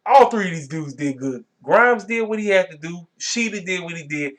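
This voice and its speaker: A man hosting his own wrestling review vlog, talking casually and reacting with animated disbelief. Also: high-pitched, moderate pace. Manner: animated, colloquial, exclaiming in disbelief. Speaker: wrestling review channel host.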